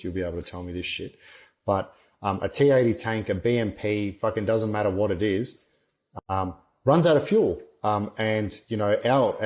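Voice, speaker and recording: A man's voice: lowish voice, a little mellow. A man, a former soldier, talking bluntly and rambling in a casual podcast chat, swearing constantly.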